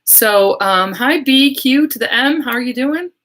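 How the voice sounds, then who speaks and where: A woman's voice: high-pitched, expressive, measured pace, fairly bright tone. Chatty woman hosting a casual livestream. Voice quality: slightly hoarse. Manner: chatty, rambling, laughs often. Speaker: medium and livestream host.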